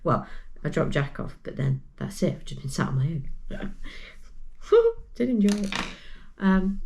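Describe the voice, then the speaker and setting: A woman in a casual crochet vlog, chatting freely with plenty of ums and side-tracks. Her voice sits a little low and sounds slightly croaky. She talks into a camera mic at her desk. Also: moderate pace, darkish tone. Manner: chatty and rambling, with many fillers. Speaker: crochet vlogger.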